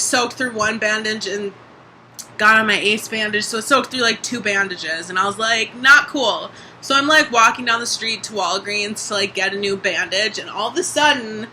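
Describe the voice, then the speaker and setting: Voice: medium pitch, bright, forceful tone, a little hiss or hum, poor audio. A young adult vlogger talking casually in a video diary, chatty, full of "like" and casual swearing.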